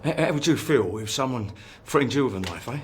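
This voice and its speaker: A man's voice: medium pitch, lively intonation, fast, very noisy, natural voice. A man playing a stammering, frightened man. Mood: nervous. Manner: nervous, stammering, pleading. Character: frightened pleading male victim. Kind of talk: film acting.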